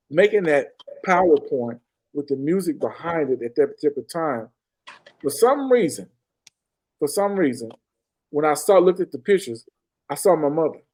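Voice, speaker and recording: A middle-aged former police detective from Arkansas earnestly tells a personal story as a podcast guest, repeating phrases for emphasis. He has a mid-range, darkish voice, and the recording is rough.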